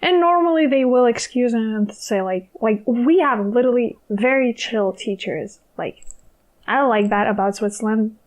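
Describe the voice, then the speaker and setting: A young woman with a slightly raised pitch chats casually as a podcast guest. She is from Ukraine and talks in a loose, rambling way, laughing often and leaning on fillers. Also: normal speed, low-quality recording. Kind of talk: casual chat.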